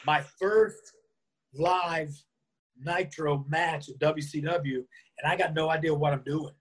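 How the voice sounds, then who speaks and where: Husky man telling a lively story. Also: a little high, takes it slowly. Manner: lively anecdote-telling, acts out quoted lines. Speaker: interview guest. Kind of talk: storytelling in a conversation.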